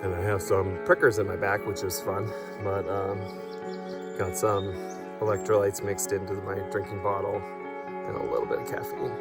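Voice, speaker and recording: A tired man with a lowish voice talks to a handheld camera out on a wooded trail, wry and chatty as he walks. Music plays clearly behind him. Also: moderate pace. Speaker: hiking vlogger. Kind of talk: casual trail vlog. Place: outdoors on a forest trail.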